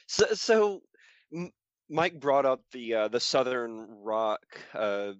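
A man's voice: mid-range voice, big pitch swings, slow pace, smooth, no room sound, highs cut off. Rambling man on a podcast. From American South. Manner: rambling, self-interrupting, laughs while talking. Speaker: podcast co-host. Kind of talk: casual podcast chat.

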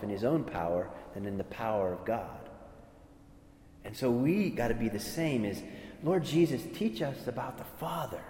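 A man's voice: fairly low pitch, darkish tone. Man preaching in an echoing hall. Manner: earnest, repeats words, voices imagined speakers. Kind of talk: sermon. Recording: echoey hall with long reverb.

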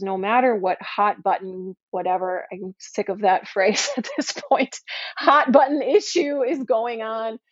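A woman with a fairly high voice gives an earnest faith talk, pleading gently and pastorally with the listeners of her Christian podcast. The recording is dry and slightly dull, with no room sound. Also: no echo.

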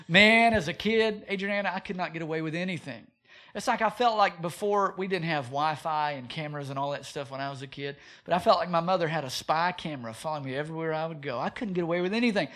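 A pastor delivers a sermon in a fairly high voice, rising and falling as he drives his points home. He asks rhetorical questions and breaks into acted quotes along the way. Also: quick pace, a bit bright.

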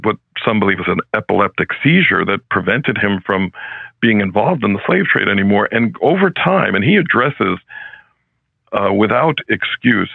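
A male professor speaking as a podcast guest, in an earnest, measured and reflective way, heard over a narrow phone-like line. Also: lowish voice, expressive, gravelly, breathy edge, no echo. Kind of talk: podcast interview. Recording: phone-like, dry, narrow sound.

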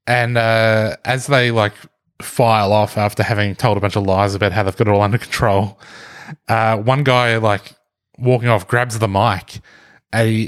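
A man telling a story on a podcast, sweary and incredulous. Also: lowish voice. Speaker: podcast co-host. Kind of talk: casual chat.

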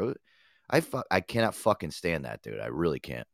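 A man hosting a casual talk show, telling stories in a profane, animated way. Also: on the low side, fast, dry recording, studio quality. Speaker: podcast host. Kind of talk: casual chat.

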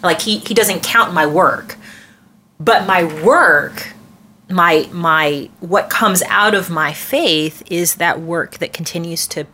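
A woman's voice: lowish voice, slow pace, sharp tone, a little hiss or hum. A woman co-hosting a casual Bible study discussion, talking in an earnest, reflective way with frequent restarts. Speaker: podcast co-host discussing scripture.

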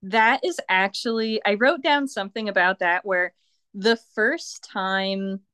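A woman guest on a podcast, chatting casually in an unhurried way and laughing often. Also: medium pitch, sharp tone, clear, resonant tone, dry recording, studio quality. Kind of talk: casual chat.

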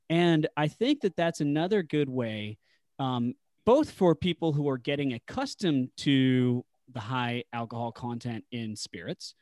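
A man's voice: mid-range voice, no room sound, studio quality. A man chatting casually on a podcast, explaining things at length in a conversational way with fillers. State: married. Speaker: podcast guest, whisky enthusiast.

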